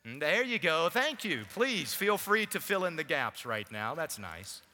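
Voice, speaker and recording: A bright, lively male pastor preaching to his congregation, his pitch sitting a little high and swinging widely. His voice rings through a church sanctuary with a long reverb. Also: measured pace. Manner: animated preaching with audience asides. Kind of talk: sermon.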